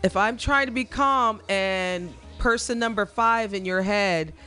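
A woman's voice: medium pitch, a little slow, sharp tone, faint music behind. Female co-host, mid-range voice, blunt and profane, loose conversational delivery. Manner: frank and loose, swears freely and leans on "you know". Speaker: radio show co-host. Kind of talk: casual chat.

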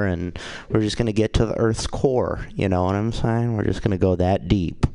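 Comic guy, low clean voice, close dry mic, deadpan bits. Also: clean tone, no echo. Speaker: stand-up comedian. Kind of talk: stand-up set. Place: comedy club stage.

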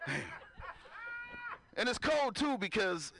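A man's voice: high voice, sing-song, takes it slowly, pushed and bright. A man doing a stand-up comedy set, talking loosely with the crowd and laughing at his own jokes. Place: live comedy venue with audience.

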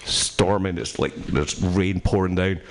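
A middle-aged Scottish man with a very deep voice. He chats casually, swearing freely and laughing through his own stories. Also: steady tone, a little slow, very noisy. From Scotland. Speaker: radio show host. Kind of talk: casual storytelling chat.

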